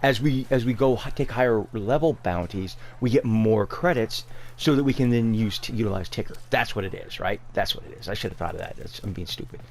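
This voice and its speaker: A man's voice: lowish voice, a little fast. A man giving sarcastic, incredulous commentary over gameplay, ranting with exasperation. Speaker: gaming video creator.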